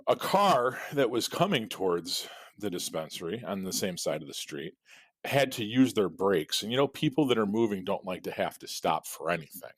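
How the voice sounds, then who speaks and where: A man's voice: fairly low pitch, sing-song, normal speed, husky, dry recording. A man co-hosting a podcast, telling a rambling, profane story in casual chat with frequent laughs. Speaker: podcast co-host.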